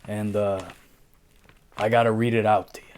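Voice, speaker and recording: A man co-hosting a casual book show, jokey and unhurried, with some swearing. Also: on the low side, flat delivery, a little mellow, slight background noise. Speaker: co-host. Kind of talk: casual chat.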